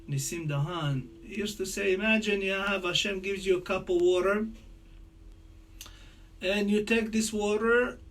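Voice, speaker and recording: A man teaching a Torah lesson in English, chatty and explanatory, reciting verses quickly. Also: high voice. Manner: conversational teaching, mixing Hebrew quotes into English; rattles off Hebrew verses quickly. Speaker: rabbi teaching a class.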